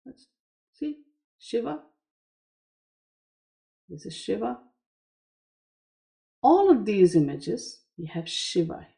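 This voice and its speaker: A woman tarot reader retelling a myth to explain a card's image, unhurried and full of asides. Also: medium pitch, big pitch swings, vocal fry, mellow.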